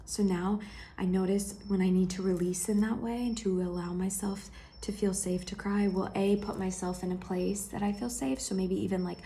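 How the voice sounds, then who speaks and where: A woman sharing a heartfelt personal vlog, speaking gently and intimately to the viewer and often dropping into a soft whisper. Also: mid-range voice, steady tone, normal speed. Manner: affectionate, speaks straight to the viewer.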